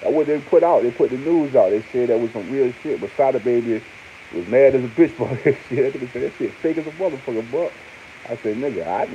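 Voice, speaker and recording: A man giving a casual, animated monologue as an online commentator, full of slang and repeated fillers, often jumping up into high exclaims. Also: fast talker. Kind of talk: casual monologue on hip hop news. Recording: muffled lo-fi with faint hiss.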